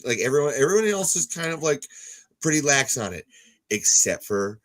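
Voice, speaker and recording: A man's voice: medium pitch, big pitch swings, moderate pace, fairly bright tone. A man co-hosting a podcast in casual chat, rambling and swearing, with lots of restarts and filler words. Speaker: podcast co-host.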